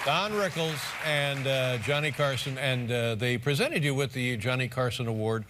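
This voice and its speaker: A man hosting a talk show, agreeable and quick to apologize as his guest teases him. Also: medium pitch, over a noisy crowd. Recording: TV studio with loud audience and noise.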